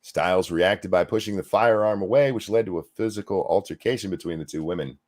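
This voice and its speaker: A man co-hosting a podcast, reading news articles aloud in a deadpan way and breaking off for dry asides. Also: deep voice, brisk. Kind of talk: casual news commentary.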